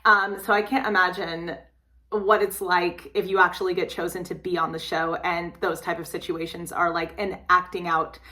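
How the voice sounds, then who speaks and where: A woman's voice: lowish voice, level tone, moderate pace, pushed and bright. A young adult woman, an opera singer and voice teacher, explaining vocal technique in a casual, teacherly reaction commentary.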